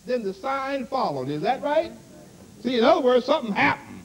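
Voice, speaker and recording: A man's voice: very high-pitched, very animated, moderate pace, a little hiss or hum, rough recording. A man preaching a sermon to a congregation, constantly asking "see?" and "you understand?".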